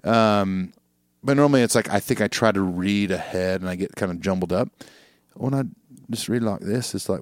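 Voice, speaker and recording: A man co-hosting a podcast, chatting casually in a relaxed, self-deprecating way. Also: low-pitched, dry recording, studio quality. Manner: relaxed, self-deprecating, halting when reading. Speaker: podcast co-host. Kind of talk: casual chat.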